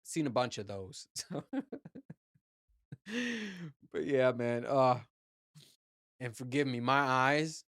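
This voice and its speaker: A man's voice: mid-range voice, animated, slow pace, pauses often, fairly bright tone, no echo, studio quality. A man hosting a podcast, telling a rambling, profane story in a casual chat with his listeners and laughing at himself. He grew up in Puerto Rico. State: ears still clogged after diving. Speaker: podcast host.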